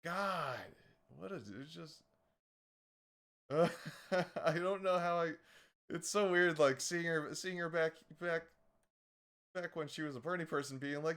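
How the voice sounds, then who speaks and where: A man's voice: a little high, steady tone, a little slow, long pauses, fairly bright tone. A young man commenting casually on videos during a live stream, mocking and swearing freely and laughing often.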